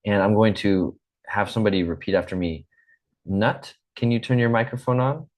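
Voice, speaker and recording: Deep-voiced man teaching English slowly. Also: darkish tone. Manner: slow, patient, repeats drills for students. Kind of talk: online English lesson.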